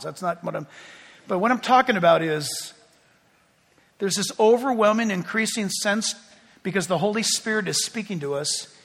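A man's voice: high voice, vocal fry, fairly bright tone, big-room sound. A middle-aged man preaching a sermon as pastor, telling chatty stories with self-deprecating humor.

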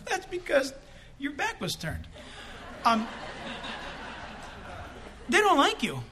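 A male pastor delivering an animated, conversational sermon in a church, with quick asides to the congregation. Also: extremely high pitch, a little hiss or hum.

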